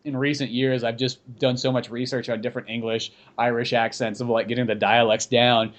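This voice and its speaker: A man hosting a podcast, chatting casually in a rambling, animated way full of "like". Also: mid-range voice, brisk. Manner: rambling, animated, heavy use of "like". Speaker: podcast host. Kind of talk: casual chat.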